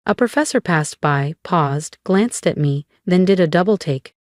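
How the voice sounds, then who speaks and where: A woman narrating a first-person revenge story with a cool, measured delivery and deliberate pauses. Her voice sits fairly low, and the recording is close and dry with no room sound. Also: expressive, dry recording.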